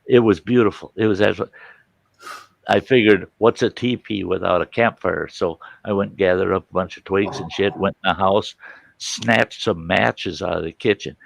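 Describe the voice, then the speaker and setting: Host, male, gravelly low voice, animated storyteller who does the family voices, dry close sound. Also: moderate pace, no echo. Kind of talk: casual storytelling.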